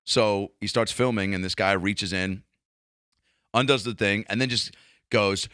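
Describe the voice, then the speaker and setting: A man hosting a comedy podcast, talking in a casual, profane, animated monologue and acting out quotes in raised voices. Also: lowish voice, unhurried, smooth, no echo, clean studio sound.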